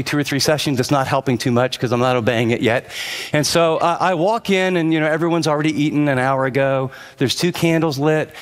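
A middle-aged man preaching a sermon as pastor, telling a story from his marriage and then exhorting with rising intensity. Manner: earnest, storytelling preacher who rises in pitch when exhorting. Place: large church auditorium. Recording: long hall reverb.

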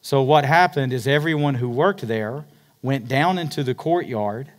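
A man preaching a sermon, retelling a story dramatically, swinging between loud emphatic peaks and hushed, quiet passages. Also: mid-range voice, normal speed. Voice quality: dramatic storyteller, rising to near-shouts then dropping to hushed tones. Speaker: pastor.

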